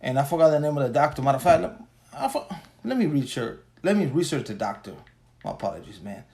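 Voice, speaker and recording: Worn down after a long day of work, a forties-aged podcaster rants solo in a crude, profane, rambling way. He talks fast and very animatedly in a mid-range, darkish voice marked by vocal fry.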